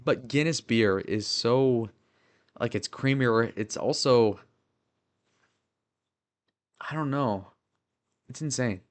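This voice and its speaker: A man's voice: medium pitch, takes it slowly, pauses often. A young man in his twenties chatting casually on a livestream, rambling with lots of fillers and swearing. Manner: rambling, filler-heavy, profane.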